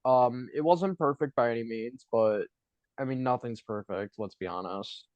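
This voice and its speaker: A podcast co-host from Buffalo, New York, with the local accent, chats casually in a mid-range, somewhat dark voice at a moderate pace. He rambles and hedges constantly, leaning on lots of fillers. The recording is dry and slightly dull lo-fi, with no echo.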